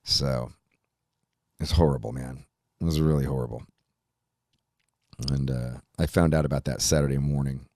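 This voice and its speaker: A middle-aged man hosting a podcast, rambling through a profane, animated monologue. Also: rumbling low, normal speed, pauses often, dry recording. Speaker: podcast host. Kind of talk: casual chat.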